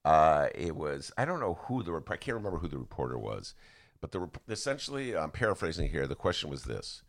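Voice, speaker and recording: A man's voice: a bass voice, big pitch swings, a little fast. A man hosting a podcast in casual political chat. He rambles and restarts often, and he acts out quotes with big swings in his voice. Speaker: podcast host.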